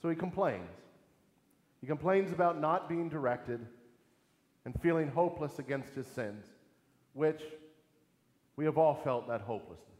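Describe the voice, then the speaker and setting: A man's voice: a little high, animated, moderate pace, pauses often, a little mellow. A man preaching a sermon in an earnest, emphatic way, asking rhetorical questions. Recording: echoey hall with long reverb.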